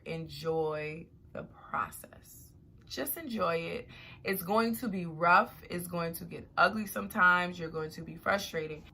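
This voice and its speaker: A young adult woman vlogger talking casually to her viewers, chatty and animated. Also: mid-range voice, slightly rough. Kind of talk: casual talk to camera.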